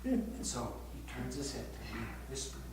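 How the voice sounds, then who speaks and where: An older male pastor giving a retreat sermon, telling a tender story and often sinking to a hushed near-whisper. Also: mid-range voice, sing-song, moderate pace. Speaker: pastor leading a prayer retreat. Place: retreat meeting room. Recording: echoey room from far off with faint hum.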